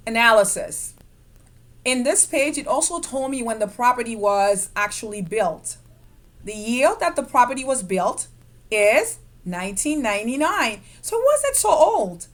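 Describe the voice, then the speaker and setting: A woman teaching a real estate investing lesson in a lively way, stressing key words and checking in with her viewers. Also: high-pitched. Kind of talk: screen-share investing lesson.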